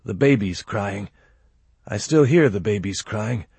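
A man voicing a haunted, guarded war veteran in an audiobook, terse and quietly bitter. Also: on the low side, expressive, unhurried, gravelly, breathy edge, no room sound, heavily acted. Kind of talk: audiobook character voice.

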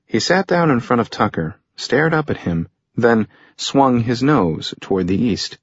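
A man narrating a thriller audiobook in a steady storytelling manner. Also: medium pitch, a little slow, slightly rough, no echo. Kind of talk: scripted narration. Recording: dull lo-fi recording.

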